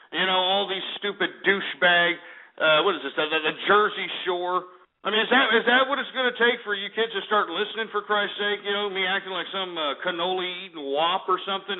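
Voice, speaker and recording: A male radio host ranting angrily and with plenty of swearing, talk-radio style, heard over a tinny phone-like line. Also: high voice. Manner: angry, profane, ranting.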